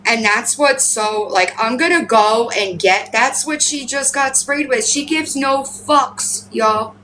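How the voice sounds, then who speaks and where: Slow-talking woman on a phone livestream, a bit high-pitched, cussing and chatty, with faint noise behind her. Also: sharp tone, low-quality recording. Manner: profane, rambling, and chatty, switching to high baby-talk with her pets. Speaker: livestream host. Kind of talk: casual livestream chat. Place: at home with pets.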